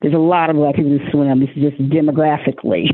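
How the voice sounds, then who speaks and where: A woman from Oklahoma telling a story in slangy, animated casual chat, acting out quotes in a high voice. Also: quick pace, no room sound. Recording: dry phone-like line.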